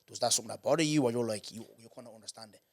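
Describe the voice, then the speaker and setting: An Irish man hosting a podcast in casual chat, animated and tagging his points with "do you get me". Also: medium pitch. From Ireland. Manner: animated, talks in quick runs with "do you get me" tags. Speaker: podcast host.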